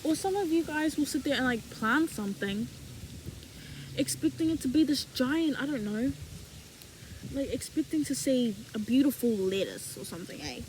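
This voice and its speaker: A young woman giving a casual faith talk as a vlogger, animated and slangy, acting out imagined dialogue. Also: high voice, normal speed, a little hiss or hum, low-quality recording.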